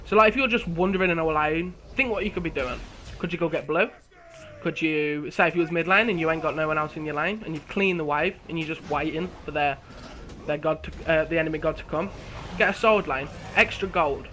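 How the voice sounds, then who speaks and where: A young man, casually commentating over his own gameplay, chatty and quick to laugh at himself. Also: on the high side, bright, forceful tone, a little hiss or hum.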